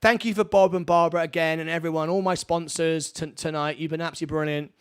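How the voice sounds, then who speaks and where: Excitable high-voiced man hosting a fundraiser. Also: quick pace, smooth. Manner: excitable, rambling, laughs often. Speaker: host of live fundraiser. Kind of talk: live-streamed fundraiser talk. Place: home studio.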